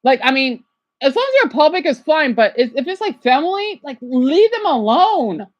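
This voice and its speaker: A man rants through a casual livestream reaction. His voice sits high and swoops up and down, from low grumbles to sudden yells off to the side. The sound is close and dry. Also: animated, fairly quick, no echo, highs cut off. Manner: agitated, rambling, swings from quiet mutters to loud outbursts; shouts at someone off to the side.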